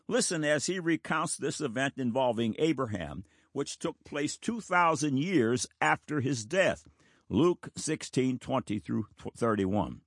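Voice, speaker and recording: Man preaching a sermon, earnest and emphatic, pitch swings all over, dry close sound. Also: no echo. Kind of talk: sermon with scripture reading.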